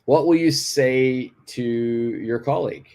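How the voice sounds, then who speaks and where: A man's voice: mid-range voice, takes it slowly, a little mellow. A man teaching an English lesson, patiently explaining phrases and repeating examples aloud. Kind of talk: live online grammar lesson.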